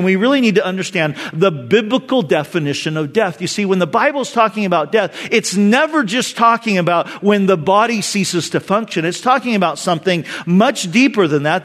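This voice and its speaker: High-voiced man preaching a sermon. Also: a bit bright. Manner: reads scripture aloud, then paraphrases it in casual talk; slows for emphasis and asks the audience to read along. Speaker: pastor.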